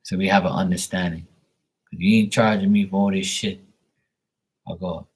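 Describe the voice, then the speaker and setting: A man's voice: sits low, fairly even intonation, normal speed, husky. A man hosting a live stream, chatting in a rambling, laid-back way and swearing often. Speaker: livestream host. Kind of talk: casual chat.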